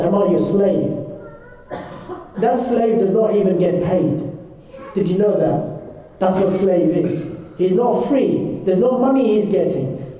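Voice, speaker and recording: Man storyteller for a kids' class, high and dark-toned, heard from far off in a big echoey hall. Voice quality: casual, repeats himself, many fillers and restarts. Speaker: Islamic teacher telling a story to children and teens. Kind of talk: storytelling lesson. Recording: echoey hall, distant mic.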